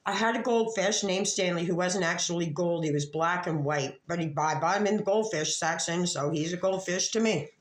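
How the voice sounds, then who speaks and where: Her voice is on the low side, and she talks at a moderate pace with hardly any pauses. As a YouTube commentator she rambles casually, swears freely, and often restarts what she's saying, all in an echoey room.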